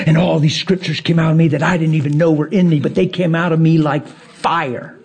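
A man preaching a passionate sermon as pastor of his church, swinging from quiet to loud. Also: steady tone, a little fast, creaky, husky. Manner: impassioned preaching with big pitch swings.

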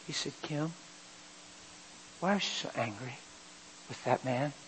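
A man preaching a sermon, telling an emotional personal story and building to loud, fervent passages. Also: mid-range voice, measured pace, a little hiss or hum, rough recording.

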